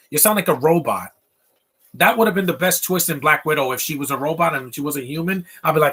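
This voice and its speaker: A man's voice: a little high, animated, brisk, sharp tone, husky. A man giving casual, rambling live commentary over a movie, opinionated and full of asides and fillers. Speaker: film commentator.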